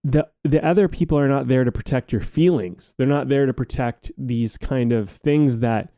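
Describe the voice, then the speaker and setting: A man's voice: mid-range voice, normal speed, mellow, dry recording. A man co-hosting a podcast in casual conversation, reflective and rambling, swearing now and then. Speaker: podcast co-host.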